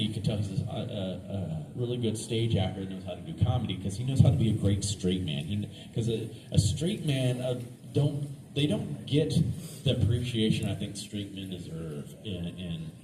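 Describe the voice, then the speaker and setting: A man's voice: lowish voice, moderate pace, recorded from a distance. A male actor telling anecdotes on a fan convention panel, chatty and self-deprecating, often restarting his sentences. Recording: echoey panel room with background noise.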